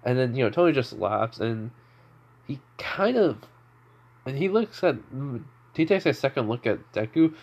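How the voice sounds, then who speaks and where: A man's voice: medium pitch, sing-song, moderate pace, darkish tone. A young man narrating an improvised fan story, rambling with many fillers and restarts.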